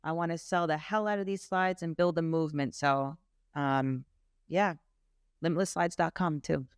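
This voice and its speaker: A woman guest on a podcast, telling stories candidly and with animated energy. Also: sits low, normal speed, smooth, no room sound, studio quality. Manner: lively, candid, animated storytelling, laughs. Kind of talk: casual interview chat.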